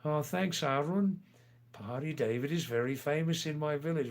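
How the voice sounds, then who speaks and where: A man's voice: fairly high pitch, moderate pace. An older man hosting a casual livestream, reading out viewer comments and answering them with playful, teasing asides. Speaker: livestream host.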